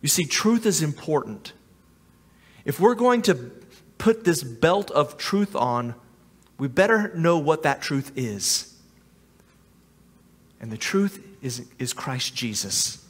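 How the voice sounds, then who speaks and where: A man's voice: fairly high pitch, big pitch swings, slow, pauses often, breathy edge, big-room sound. A man preaching as a pastor in a church sanctuary, earnest and often repeating or restarting his words. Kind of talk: sermon.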